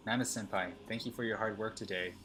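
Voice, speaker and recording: Man voicing a clingy obsessive schoolgirl stalker, text messages read aloud, low-pitched, bright, flat delivery. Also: fast, a little hiss or hum, natural voice.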